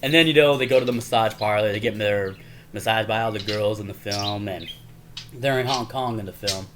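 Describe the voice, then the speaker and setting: A man's voice: fairly low pitch, fairly quick, background noise. A man casually recapping favorite comedy movies on his channel, rambling and chuckling, peppering his talk with "man" and "y'all". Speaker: YouTuber.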